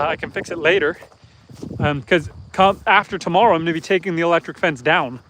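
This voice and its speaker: A Canadian man with a high-pitched, fairly bright voice chats casually on a live stream outdoors on his farm near a truck and pigs. He explains his chores as he works and reads viewer comments, with slight background noise.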